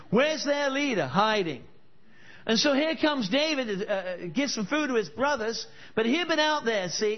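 A male preacher giving a sermon at a church service, telling stories and pressing the crowd with emphatic questions. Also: very high voice. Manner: storytelling, emphatic rhetorical questions. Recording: dull lo-fi recording.

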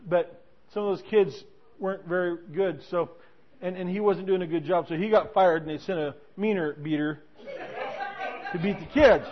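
A man preaching, telling a story to his congregation in an animated way with frequent restarts. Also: high-pitched, normal speed, some chatter behind. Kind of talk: sermon storytelling. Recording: dull lo-fi recording.

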